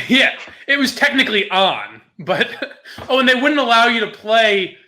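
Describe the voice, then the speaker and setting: Animated, laughing young man telling stories. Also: extremely high pitch, unhurried. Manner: laughs often, swears, animated retelling. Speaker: podcast co-host telling a story. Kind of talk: casual storytelling chat.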